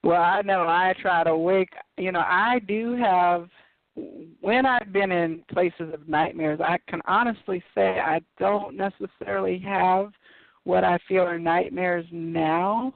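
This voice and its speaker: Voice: mid-range voice, measured pace, gravelly, dry recording. A speaker in their forties in casual chat, reflective and talking in long winding sentences. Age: 40s. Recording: dry phone-like line.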